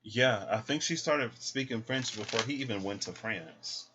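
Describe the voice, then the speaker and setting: A man's voice: mid-range voice, normal speed. A man rambling in a casual vlog, hesitant and meandering as he thinks aloud about his dreams and tarot cards. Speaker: tarot vlogger. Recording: dull lo-fi sound with faint noise.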